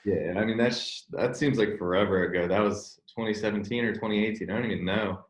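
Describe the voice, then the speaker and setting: A young man as a podcast guest in casual chat, relaxed, easygoing and profane. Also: lowish voice, quick pace. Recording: roomy echo.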